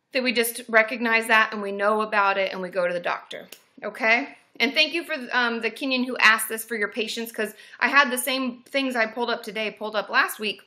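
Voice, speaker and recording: A woman's voice: a little high, pushed and bright, slight background noise. A woman in her thirties, a therapist hosting a casual livestream, bubbly and cheering viewers on with woos and yays.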